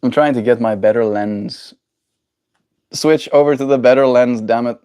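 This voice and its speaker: A man's voice: medium pitch, normal speed, warm tone, smooth, dry recording. A young man with a South African accent, chatting casually on a live stream, joking and answering chat messages aloud. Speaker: livestreamer.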